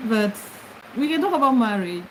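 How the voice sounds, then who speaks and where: A woman's voice: on the high side, lively intonation, moderate pace, a little hiss or hum, low-quality recording. Chatty woman on a livestream. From Kenya. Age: middle-aged. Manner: chatty, greets commenters, laughs often. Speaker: livestream host. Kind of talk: casual livestream chat. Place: bedroom, lying on her bed.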